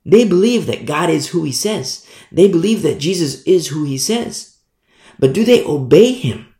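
A man delivers a sermon in a gravelly, slightly high voice that swoops up and down with great expression. He speaks slowly and emphatically, repeating phrases and asking rhetorical questions, and the room around him rings with echo. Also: mellow. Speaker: preacher.

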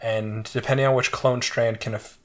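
A man's voice: mid-range voice, flat delivery, normal speed. A man co-hosting a casual podcast chat, explaining a topic at length in a lecturing but easygoing way. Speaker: podcast co-host explaining wine.

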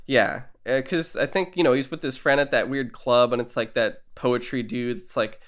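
A man's voice: mid-range voice, moderate pace, a bit bright. A man co-hosting a podcast in casual chat, rambling, laughing often and acting out quotes. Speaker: podcast co-host.

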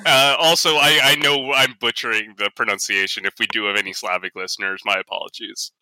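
A man's voice: lowish voice, fairly even intonation, fairly quick, sharp tone, no echo, low-quality recording. A man playing a tabletop game, chatting casually in a rambling way full of fillers. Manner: rambling, lots of fillers and laughs. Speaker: player.

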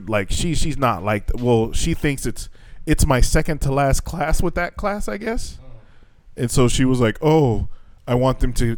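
A young man, a teacher, telling a frustrating work story on a podcast, animated and swearing freely as he acts out what people said. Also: medium pitch. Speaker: podcast co-host; assistant language teacher in Japan. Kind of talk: casual chat.

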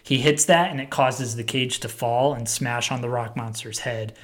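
A man's voice: medium pitch, fairly even intonation, normal speed. A man casually telling a long story, with lots of fillers and acted-out quotes. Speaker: storyteller pitching a plot. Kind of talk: casual chat.

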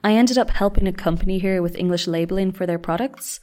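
A woman's voice: mid-range voice, fast talker, warm tone. Woman telling travel stories. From Ireland. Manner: chatty and self-deprecating. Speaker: vlogger. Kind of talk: scripted travel storytelling.

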